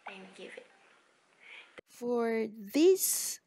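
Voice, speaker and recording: Woman educator, patient parent-coaching delivery with bouncy counting bits, gravelly texture, dry close sound. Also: a little high, very animated, extremely slow, dark tone, no room sound. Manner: clear and patient, with sing-song counting demonstrations. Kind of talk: instructional talk to parents.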